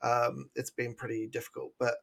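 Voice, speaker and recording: A man's voice: medium pitch, level tone, moderate pace, gravelly, fairly bright tone, breathy edge. A man in his forties with an English accent, chatting as a podcast co-host, self-mocking and laughing often. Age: 40s. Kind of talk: casual chat.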